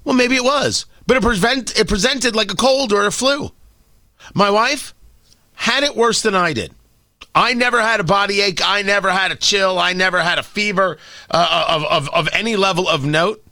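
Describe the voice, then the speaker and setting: Lively, bright-voiced sardonic male commentator. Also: high voice, no room sound, clean studio sound. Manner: sardonic and opinionated, with frequent emphatic rhetorical questions. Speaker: commentary show host. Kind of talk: opinion commentary monologue.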